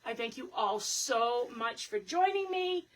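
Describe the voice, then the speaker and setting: Woman craft host with a fairly high voice, chatty and upbeat, talking to viewers while she works. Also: expressive, unhurried. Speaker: host of a live wreath-making stream. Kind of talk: casual livestream chat while crafting.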